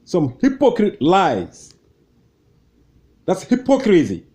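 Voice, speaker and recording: A man's voice: high-pitched, huge pitch swings, takes it slowly, warm tone, slightly rough. A man hosting a debate show, giving heated, mocking commentary on a replayed clip and repeating his points. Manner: scornful, mocking, repetitive.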